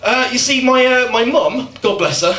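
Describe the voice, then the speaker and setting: High, bright-voiced young stand-up comic. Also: male voice, expressive, normal speed, recorded from a distance. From West Midlands, England. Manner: rambling, crude, self-mocking. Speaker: stand-up comedian and host. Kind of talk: stand-up comedy. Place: comedy night at a cinema venue. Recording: echoey venue, mic heard from afar.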